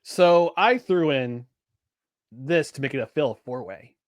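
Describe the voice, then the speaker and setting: A man co-hosting a sports podcast, talking in a loose, rambling way full of restarts and fillers. His voice sits a bit high for a man and sounds dry and close, with almost no room around it. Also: animated, a little slow, no room sound. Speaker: podcast co-host. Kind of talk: casual sports chat.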